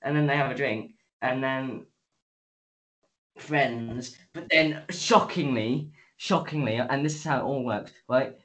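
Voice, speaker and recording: In a laid-back episode review, a male co-host animatedly retells what happened, performing the lines and swearing often. He talks a bit slowly at medium pitch over a poor recording.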